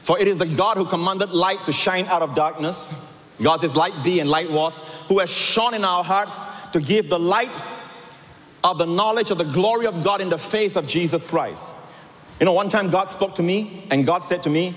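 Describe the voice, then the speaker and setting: Animated male pastor in echoing hall. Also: high-pitched, normal speed. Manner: animated preaching with rising emphatic lines. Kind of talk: sermon. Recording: long hall reverb.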